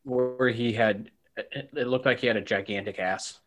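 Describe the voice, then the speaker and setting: A thirty-year-old man co-hosting a casual podcast, joking in a relaxed way. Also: mid-range voice, normal speed. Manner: laid-back, joking. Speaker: podcast co-host. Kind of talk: casual chat.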